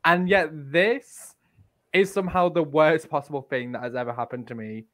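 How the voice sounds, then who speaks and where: A man's voice: on the high side, moderate pace. Sweary Northern English man ranting. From England. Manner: animated, sweary mock outrage. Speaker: podcast co-host. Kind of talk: casual podcast chat.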